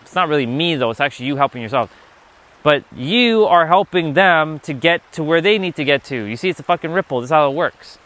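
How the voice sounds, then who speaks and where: A man's voice: a little high, lively intonation, fairly quick, fairly bright tone. A man giving a motivational livestream talk, emphatic and profane, often repeating himself. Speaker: livestream speaker.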